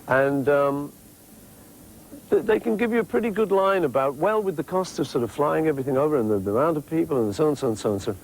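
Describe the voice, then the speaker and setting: A man in his fifties with a Liverpool accent, answering interview questions in a relaxed, rambling, jokey way. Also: fairly high pitch, fast talker, creaky, slight background noise, low-quality recording. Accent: Liverpool English. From England. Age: 50s. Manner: jokey, rambling, playful asides. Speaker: interviewee, musician.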